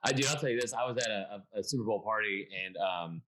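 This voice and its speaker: A man's voice: fairly low pitch, quick pace, pushed and bright, rough recording. A man from Atlanta hosting a casual sports panel by video call, telling stories with lots of restarts. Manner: rambling storyteller with many restarts. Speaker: sports show host.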